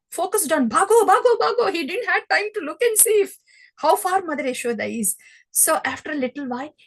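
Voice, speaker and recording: A woman teaching a scripture class who tells the story in an animated way and acts it out. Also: high voice, poor audio.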